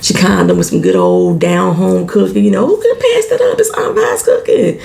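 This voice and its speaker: A woman's voice: medium pitch, animated, moderate pace, creaky, a little mellow. A woman recapping a TV show in a casual, salty vlog, swearing freely and acting out the characters' lines.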